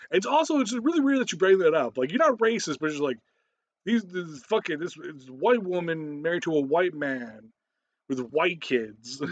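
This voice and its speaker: Lively profane ranting man. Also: high voice, lo-fi sound. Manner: heavy swearing, ranting, frequent laughs. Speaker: commentator. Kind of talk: profane reaction commentary.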